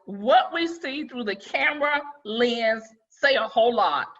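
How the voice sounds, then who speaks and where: Woman talking to her webcam from home, higher voice, bright and punchy, keeps repeating herself for emphasis, sound kinda muffled and far. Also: unhurried. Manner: emphatic, repeats key phrases, asks the viewer questions. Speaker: interior designer and speaker. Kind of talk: direct-to-camera presentation. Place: home dining room.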